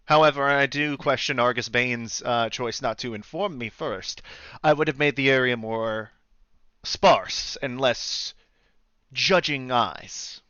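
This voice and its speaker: A man's voice: medium pitch, slow, pushed and bright, clean tone, dry recording, dull audio. A man voicing an elf guild leader, speaking politely and formally and restarting his sentences as he feels for his words. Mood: diplomatic.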